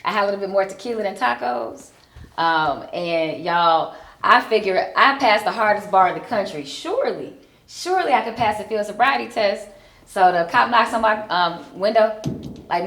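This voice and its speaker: Performing stand-up at a comedy club, a Chicago woman in her forties is chatty and self-deprecating, with frequent ums. She has an expressive, fairly bright mid-range voice at normal speed, and the echoey room carries a little hiss or hum.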